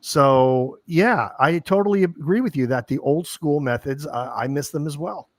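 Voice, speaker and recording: A male host with a fairly high voice, recorded dry and close with no room sound. He chats eagerly with his guest, speaking in quick bursts and restarting his sentences. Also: no echo. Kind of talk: casual interview chat.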